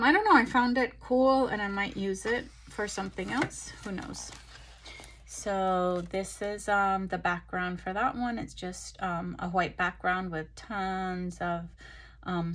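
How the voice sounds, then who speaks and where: A tired woman chatting casually through a craft haul, relaxed and full of ums and pauses, recorded on a phone. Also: fairly low pitch, slight background noise. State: tired, yawning. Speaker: craft vlogger. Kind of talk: casual show-and-tell chat.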